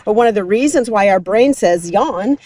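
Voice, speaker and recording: A woman's voice: medium pitch, lively intonation, moderate pace, dark tone. A woman hosting a casual health talk while out on a hike, explaining things in an upbeat way. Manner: explanatory, upbeat, laughs easily. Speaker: host. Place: outdoors on a hike.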